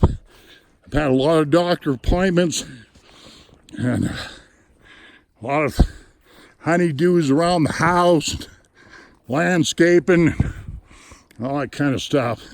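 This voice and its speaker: Filming a mountain trail, a middle-aged hiking vlogger offers folksy, plain-spoken narration, a little out of breath. He talks slowly in a slightly high voice with long pauses; though recorded on a handheld camera mic, the sound is dry and clean, like a studio.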